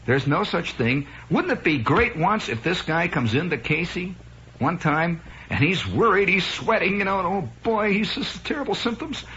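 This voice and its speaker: A man's voice: high voice, expressive, normal speed, sharp tone. A man from the Midwest, a radio host, telling rambling, wry stories with asides. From American Midwest. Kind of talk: improvised radio monologue. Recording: dull lo-fi radio broadcast with faint hiss.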